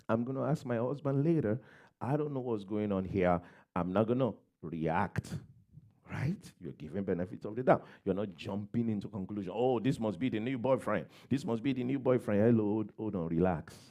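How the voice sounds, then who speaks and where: A man's voice: on the low side, mellow. A man preaching a sermon as a pastor, giving plain advice, repeating key phrases and acting out everyday quotes.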